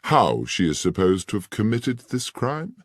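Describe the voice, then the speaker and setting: A male narrator voicing Sherlock Holmes as a keen, incisive detective who questions in a crisp, measured way. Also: on the low side, huge pitch swings, no room sound, studio quality, voice pushed up, exaggerated voice. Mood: firm.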